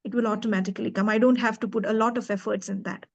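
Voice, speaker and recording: A public-speaking coach with a medium-pitched, creaky voice answers interview questions on a video call, racing along with fairly even intonation. Her delivery is emphatic, and she demonstrates emotions with her voice. The audio's highs are cut off.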